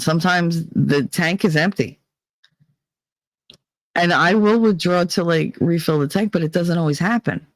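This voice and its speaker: Male streamer, higher-pitched voice, dry and close recording, candid and foul-mouthed chat delivery. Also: dry recording. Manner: blunt, profane, emotionally candid. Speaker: livestream host reading chat. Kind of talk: casual livestream chat.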